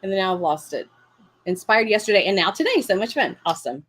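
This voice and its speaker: A woman's voice: medium pitch, big pitch swings, a little fast, fairly bright tone. Chatty woman hosting a crafting class. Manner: chatty, encouraging, thinks aloud while working. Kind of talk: live crafting tutorial.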